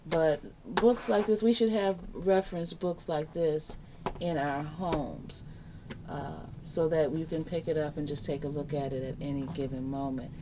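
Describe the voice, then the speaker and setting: A woman's voice: low-pitched, steady tone, unhurried, background noise. A woman teaching a casual online life skills class, chatty and emphatic, acting out little exchanges. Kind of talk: casual spoken lesson to camera.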